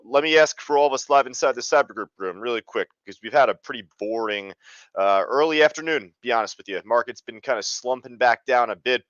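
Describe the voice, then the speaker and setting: A man's voice: mid-range voice, fairly bright tone, no echo, lo-fi sound. A man hosting a live trading webinar, talking casually with lots of fillers. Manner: casual, chatty, many fillers. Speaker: trading room host.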